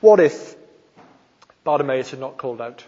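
A man's voice: mid-range voice, lively intonation, moderate pace, dark tone. A man from South Wales with a Welsh accent, preaching a sermon with emphatic stresses on key phrases. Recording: long hall reverb, dull sound.

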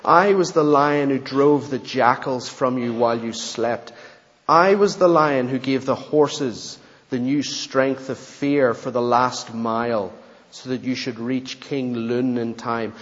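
A man voicing a large, deep-voiced lion who speaks slowly and gravely. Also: fairly bright tone, long reverb tail, lo-fi sound. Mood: solemn. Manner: slow, solemn.

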